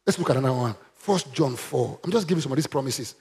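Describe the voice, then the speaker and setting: A man's voice: mid-range voice, lively intonation, quick pace, a little mellow. A man preaching a sermon, emphatic and calling on the congregation to repeat after him. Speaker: pastor.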